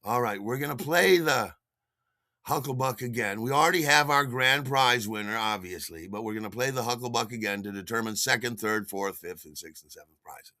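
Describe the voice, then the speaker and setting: Man putting on a loud club DJ on the mic, booming patter, bright voice. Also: brisk, no echo, clean studio sound, close to an everyday voice. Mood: announcing. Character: loud male nightclub DJ on a mic.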